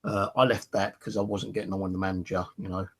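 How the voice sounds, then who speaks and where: A man's voice: low-pitched, little pitch movement, quick pace, fairly bright tone. A middle-aged British man telling a personal story in a casual, rambling way, swearing freely and often saying "you know". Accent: British English.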